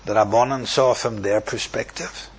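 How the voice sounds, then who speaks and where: A man teaching a Talmud passage as a lively story, quoting Hebrew and Aramaic lines and translating them. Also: medium pitch, normal speed, slightly rough.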